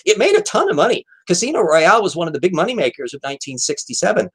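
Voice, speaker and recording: A man's voice: sits high, very animated, rapid-fire, a bit bright, husky, rough recording. A man hosting an aftershow, chatting casually and rambling about old films with many fillers and restarts. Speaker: host.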